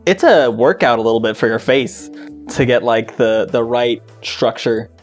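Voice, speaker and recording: A man co-hosting a podcast in casual chat, relaxed and rambling, laughing often. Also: mid-range voice, moderate pace, faint music behind. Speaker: podcast co-host.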